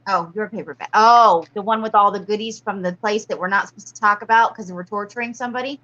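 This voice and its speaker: A woman's voice: mid-range voice, steady tone, fast talker, sharp tone, lo-fi sound. A woman chatting casually as a live-stream guest, rambling a little as she tells things.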